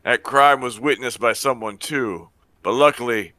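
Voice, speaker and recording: A man's voice: medium pitch, moderate pace, background noise, close to an everyday voice. A man reading aloud for a blunt, earnest male police detective in a game's dialogue.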